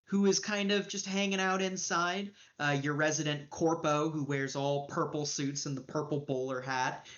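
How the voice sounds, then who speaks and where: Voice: mid-range voice, fairly even intonation, normal speed, few pauses, fairly bright tone. Casual game master on a dull stream. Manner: casual, loose, lots of fillers. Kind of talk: narrating a tabletop game.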